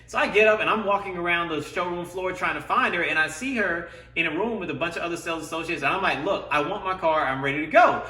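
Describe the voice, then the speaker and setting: Exasperated man ranting, high bright voice. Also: fast, few pauses, far from the mic. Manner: frustrated retelling, mimics others' lines. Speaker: vlogger. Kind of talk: animated storytelling rant. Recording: roomy, away from the mic.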